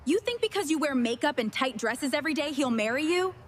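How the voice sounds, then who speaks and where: A woman's voice: high voice, lively intonation, fairly quick. An AI-generated voice of a young woman with a Nigerian accent, taunting a rival in a quarrel. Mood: scornful. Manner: taunting, scornful.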